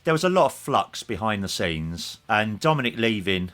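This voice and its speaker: A man's voice: lowish voice, very animated, normal speed, a bit bright. A man speaking as a podcast guest in casual interview chat, telling anecdotes with little chuckles and frequent restarts.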